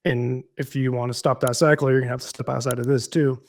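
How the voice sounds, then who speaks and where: A man who is a guest on a recovery podcast, talking through his experience in a relaxed, reflective way, with many fillers and restarts. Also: mid-range voice, fast. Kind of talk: casual conversational storytelling.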